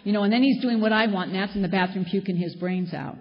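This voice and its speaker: A woman's voice: mid-range voice, quick pace. A middle-aged woman sharing her own story at a support meeting, blunt and emphatic, hammering points home by repeating them. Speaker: speaker at a recovery meeting. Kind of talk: personal share at a support meeting. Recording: dull lo-fi recording.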